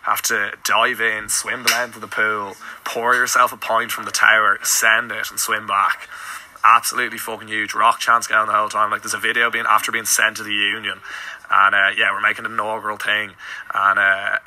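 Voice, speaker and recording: Man, excited bragging voice note, very bright sharp tone, flat delivery. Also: fairly low pitch, moderate pace, poor audio. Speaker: voice note sender. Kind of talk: boastful voice note.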